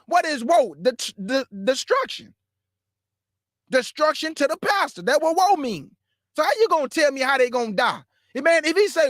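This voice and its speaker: A man with a strikingly high voice delivers a blunt, scolding sermon-style rant, jabbing at his listeners and breaking into shouts. The sound is dry and close, with no room around it. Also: expressive, moderate pace, dry recording. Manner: bursts into shouts. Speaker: preacher and show host. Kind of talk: fiery street-style preaching rant.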